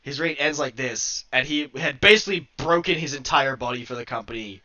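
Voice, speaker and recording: A man's voice: medium pitch, brisk, few pauses, bright, forceful tone. A man co-hosting a podcast, rambling through a wrestling review in casual chat, laughing often, swearing and getting worked up. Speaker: podcast co-host. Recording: dull lo-fi sound.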